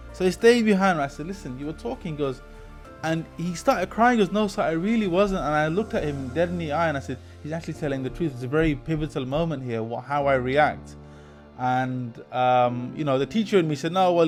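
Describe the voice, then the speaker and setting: A man in his forties, a teacher hosting a podcast, tells animated anecdotes and acts out the people he quotes. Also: fairly high pitch. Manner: animated anecdotes, quoting people with lively voice shifts. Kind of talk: casual storytelling in an interview.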